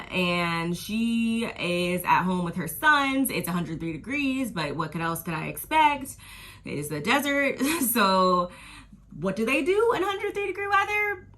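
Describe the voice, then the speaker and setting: A woman's voice: medium pitch, fairly bright tone. A woman casually recapping a reality TV episode in a chatty, slangy way, laughing and acting out her own reactions.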